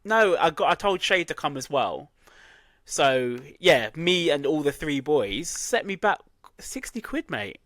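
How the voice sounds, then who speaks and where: Lively man telling stories. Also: fairly high pitch, a little slow, no room sound. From England. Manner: animated storyteller, laughs at himself. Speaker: podcast co-host. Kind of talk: casual chat.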